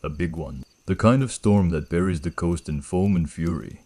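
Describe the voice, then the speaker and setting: Male horror narrator, very low and husky, grave measured delivery. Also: mellow. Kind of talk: first-person horror story narration.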